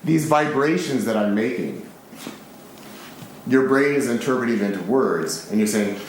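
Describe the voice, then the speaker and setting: A man from the United States, giving a live public lecture in an excitable, animated, casually profane way. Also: medium pitch, measured pace, long pauses, a little hiss or hum. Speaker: speaker giving a public talk. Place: large concert hall with an audience. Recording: very echoey live hall recording.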